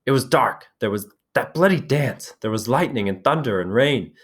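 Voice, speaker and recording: A man doing a shrill, anxious schoolboy. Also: expressive, normal speed, fairly bright tone, breathy edge. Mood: shrill, agitated. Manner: high, shrill, pleading. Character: anxious, fussy, plump schoolboy with glasses. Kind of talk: reading a novel aloud with voices.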